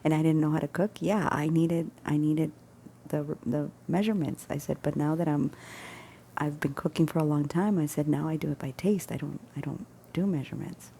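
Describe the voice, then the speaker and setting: A woman's voice: low-pitched, a little fast, dark tone, slight background noise. A woman casually telling a personal story, rambling and correcting herself as she goes. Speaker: storyteller sharing personal stories.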